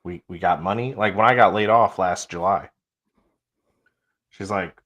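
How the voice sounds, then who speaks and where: A man co-hosting a podcast, chatting in a relaxed, conversational way and clearing his throat now and then. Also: low-pitched, unhurried, long pauses, muffled recording. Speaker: podcast co-host. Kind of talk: casual chat.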